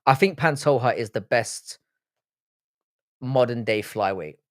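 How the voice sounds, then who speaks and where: Unhurried and mid-range, a man's voice comes through a dry, studio-quality recording. Hosting a casual livestream, he reads comments aloud and answers them in a blunt, sweary manner; Irish by origin and roots, he was brought up in Britain and has an English accent.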